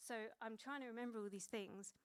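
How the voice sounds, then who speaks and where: A woman's voice: fairly high pitch, fairly quick, smooth. A woman in her thirties preaching a sermon in a conversational way, with many fillers and restarts.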